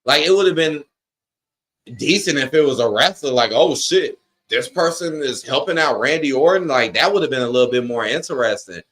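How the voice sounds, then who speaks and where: Dude ranting live on stream, voice swings up and down a lot, cussing, reading chat. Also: male voice, medium pitch, animated, a little fast, fairly bright tone. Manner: frustrated, profane ranting, reads chat aloud. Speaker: wrestling watch-along streamer. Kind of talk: live-stream reaction rant.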